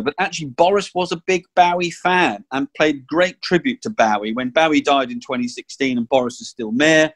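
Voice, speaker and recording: A man hosting a political talk show in a measured, unhurried way. He thinks aloud with small hesitations, and his voice sits at a middle pitch. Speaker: podcast host. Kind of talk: casual political chat.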